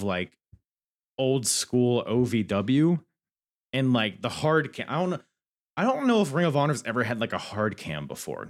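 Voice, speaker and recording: A man hosting a podcast, rambling candidly through a casual review and swearing freely. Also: medium pitch. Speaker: podcast host.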